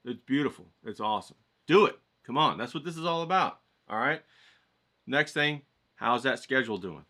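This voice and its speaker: A man's voice: medium pitch, lively intonation, normal speed, bright, forceful tone. A middle-aged man vlogging about watercolor, giving a hyped, folksy pep talk straight to his viewers and swearing freely. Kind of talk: casual motivational pep talk to camera.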